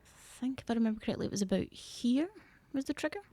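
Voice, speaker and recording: A woman's voice: on the high side, expressive, fast talker, dark tone. A young woman casually commenting as she plays a video game, chatty and easily flustered, laughing often. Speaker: gaming streamer.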